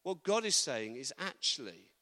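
A man preaching a sermon, animated, acting out quotes with humorous asides. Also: a little high, normal speed. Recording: long reverb of a large hall.

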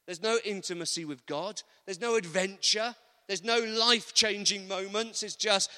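A man preaching a sermon, animated, acting out quotes with humorous asides. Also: high-pitched, normal speed, hardly any pauses. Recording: long reverb of a large hall.

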